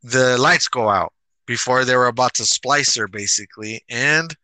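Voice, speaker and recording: A man hosting a casual movie review chat, animated and swearing as he retells scenes with acted quotes. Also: mid-range voice, moderate pace, no room sound, rough recording. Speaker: podcast host.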